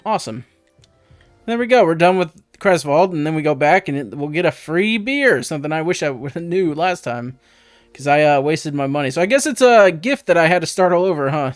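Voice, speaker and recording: A man's voice: a little high, expressive, brisk, dry recording, faint music behind. A man hosting a let's play, giving casual gameplay commentary with rambling, offhand tips to viewers on a close mic.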